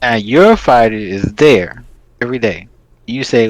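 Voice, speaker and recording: A man's voice: medium pitch, lively intonation, measured pace, dry recording, poor audio. A man co-hosting a casual podcast, ranting in a heated, profane, rambling way. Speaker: podcast host.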